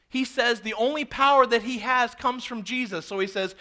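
A man preaching a sermon, expressive, swinging from loud emphasis to hushed low words. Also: fast talker, few pauses. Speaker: pastor.

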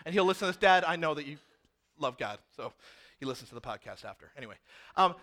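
A man preaching a sermon with a very high, bright voice. As a pastor he tells the story in a lively way and slips into the voices of the people in it to act out their lines. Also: quick pace.

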